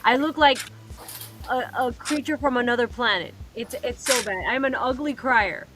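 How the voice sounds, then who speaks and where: A woman chatting casually as a podcast guest, animated and self-mocking. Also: a little high, moderate pace, noisy background. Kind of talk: casual chat.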